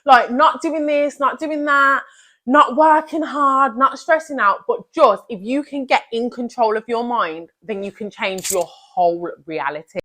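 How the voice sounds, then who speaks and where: A woman's voice: fairly high pitch, unhurried, bright, forceful tone. A young woman giving an emphatic, chatty motivational talk to camera, full of slang and repetition. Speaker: self-improvement vlogger.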